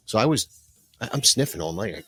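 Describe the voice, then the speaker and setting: Podcast guy, lowish raspy voice, deadpan wisecracks, lively pitch. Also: fairly quick. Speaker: podcast co-host. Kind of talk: casual chat.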